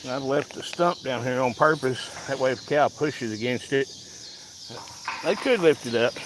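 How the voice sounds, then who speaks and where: A man's voice: medium pitch, background noise. A man chatting casually to viewers while doing farm chores outdoors, a bit out of breath from hauling, filmed on a handheld phone. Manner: slow rural drawl, chatty asides to viewers. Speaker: farmer filming his chores. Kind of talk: casual vlog while working. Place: outdoors in a pasture.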